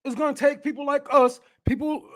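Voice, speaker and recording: A man's voice: extremely high pitch, fairly quick. A man giving a casual political rant, profane and heated, laughing often as he talks. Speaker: political commentator.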